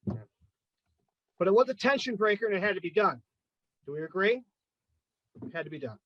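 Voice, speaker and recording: A man's voice: high-pitched, big pitch swings, normal speed, dull audio, a little hiss or hum. A man in his fifties hosting a chat and then doing a loose, profane stand-up set. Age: 50s. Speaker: podcast host and amateur stand-up comic.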